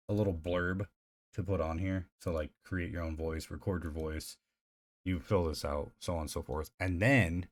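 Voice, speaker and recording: A man streaming live, chatting casually in a rambling, profane way full of fillers. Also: low voice. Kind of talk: casual livestream chat.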